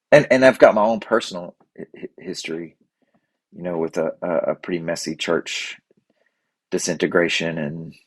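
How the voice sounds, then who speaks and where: A man hosting his own podcast, talking through his thoughts off-script in an earnest, halting way with many restarts. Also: low voice, slightly rough, no echo. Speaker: podcast host. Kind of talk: unscripted reflective monologue.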